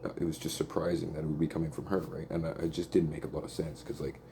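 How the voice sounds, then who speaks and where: A man's voice: rumbling low, flat delivery, quick pace, noisy background. A man telling a long personal story in a rambling, profane, casual way, peppered with "like" and "right?".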